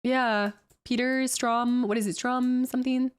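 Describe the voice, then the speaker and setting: A woman streaming a casual live reaction, her voice sitting a little high. She talks freely and laughs often, poking fun at herself as she goes. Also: steady tone, a little slow, clear, resonant tone. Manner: chatty, laughs often, self-deprecating.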